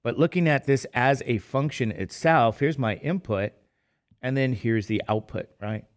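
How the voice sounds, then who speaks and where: A man's voice: mid-range voice, normal speed. A middle-aged man teaching math in a casual lecture, tired and rambling, with chatty self-deprecating asides. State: tired, sleepy.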